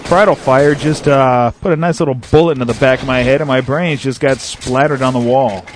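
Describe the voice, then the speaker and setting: A man's voice: medium pitch, normal speed, noisy background. A man hosting a casual internet radio show from his apartment, joking and rambling with many fillers while he plays a shooter and calls the action. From Southern California. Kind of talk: casual live commentary while playing.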